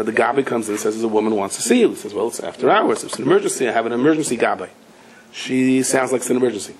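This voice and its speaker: Animated rabbi telling a story. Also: male voice, medium pitch, poor audio. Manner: animated storyteller, acts out quoted voices, cries out at climaxes. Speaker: rabbi giving a Torah class. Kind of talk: storytelling lecture.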